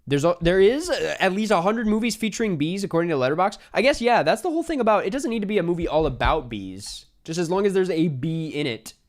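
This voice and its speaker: A man streaming a geography guessing game, talking to himself and his chat in an excitable, casual way. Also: high-pitched, fast, few pauses. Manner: excitable, talks to himself while guessing, swears. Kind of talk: casual live gameplay chat.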